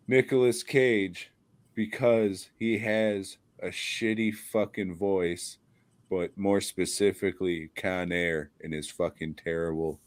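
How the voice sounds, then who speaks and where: A deep-voiced man, heard in a dry recording, co-hosts a casual podcast chat. He rants bluntly, swearing a lot and laughing often.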